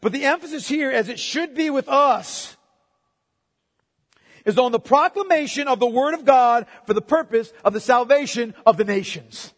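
A man preaching a sermon with emphatic delivery. He repeats key words and moves between loud proclamation and quiet, intimate asides. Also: very high voice, normal speed. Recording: long hall reverb.

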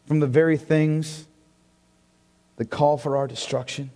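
A man preaching a sermon in a church, impassioned and swinging between loud and hushed delivery. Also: on the high side, fairly even intonation, a little slow, pauses often. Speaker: pastor. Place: church sanctuary. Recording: long hall reverb.

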